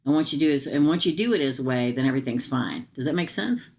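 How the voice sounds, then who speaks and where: Woman, low voice, tarot reader, chatty and emphatic, middle-aged, faint hiss behind. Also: expressive, fast, gravelly, darkish tone. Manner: chatty, emphatic, repeats advice. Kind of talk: live tarot reading.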